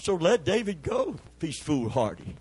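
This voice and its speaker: A man's voice: a little high, very animated, normal speed, darkish tone, breathy edge. A man, a pastor, preaching a sermon emphatically and calling out for amens and hallelujahs.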